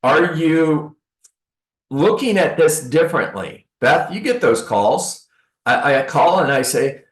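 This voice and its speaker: A real estate coach with a fairly high voice speaks slowly to a live seminar audience in an echoey training room. He's animated, acting out sales calls and adding sarcastic asides.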